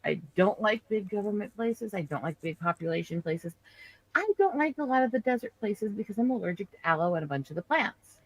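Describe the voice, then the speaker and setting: A woman hosting a live stream, telling a story in an indignant, animated way. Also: mid-range voice, fairly quick, no room sound, poor audio. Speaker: livestream host. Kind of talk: casual chat.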